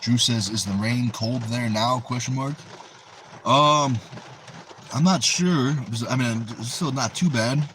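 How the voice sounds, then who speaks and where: A man's voice: mid-range voice, slow pace, a bit bright, slight background noise, poor audio. A man with a New England accent hosting a livestream, casually reading viewers' chat messages aloud and answering them. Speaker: livestream host.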